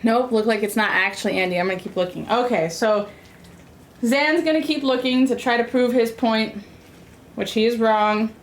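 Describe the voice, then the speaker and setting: In a casual live stream, a young American woman cooks and talks with viewers in a sassy, rambling manner with plenty of fillers. Her voice is a little high and her pace is moderate.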